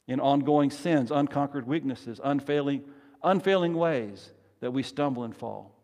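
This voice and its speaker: A man preaching a sermon as pastor, emphatic and swinging from soft to loud, leading his congregation in call-and-response. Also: medium pitch, animated, unhurried. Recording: long reverb of a large hall.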